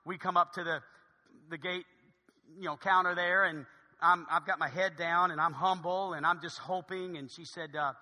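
Brief: male preacher, high and very bright, animated storytelling sermon, long hall reverb. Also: normal speed. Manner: animated storyteller, acting out dialogue, dropping to a hushed voice for quoted lines. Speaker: pastor.

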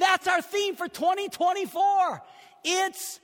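A man's voice: extremely high pitch, normal speed, fairly bright tone. A man preaching a sermon as pastor, emphatic and repeating his key phrases. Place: church sanctuary. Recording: long church hall reverb.

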